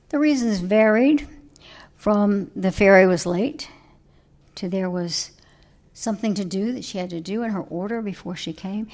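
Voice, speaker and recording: A woman giving a sermon, telling a story and moving between emphatic lines and hushed asides. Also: mid-range voice. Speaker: preacher.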